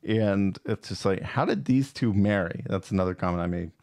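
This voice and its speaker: A man's voice: sits low, moderate pace, a little mellow, no room sound, clean studio sound. A man co-hosting a casual movie review chat, rambling and hesitant with many fillers and restarts. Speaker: podcast co-host.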